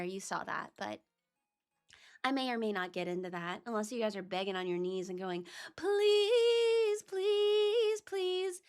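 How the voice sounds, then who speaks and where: A woman's voice: on the high side, a bit bright. A woman streamer chatting casually on a livestream, talking to herself as she searches for files. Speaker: VTuber streamer.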